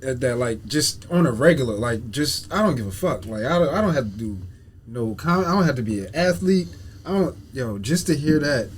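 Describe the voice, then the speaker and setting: A man in a casual podcast chat, talking with profanity and halting restarts. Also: medium pitch, expressive, a little hiss or hum.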